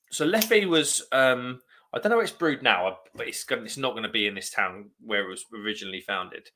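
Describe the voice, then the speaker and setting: A man's voice: on the low side, animated, brisk, bright, forceful tone. A man hosting a casual beer-review live stream, chatting in a rambling way and reading viewer comments aloud.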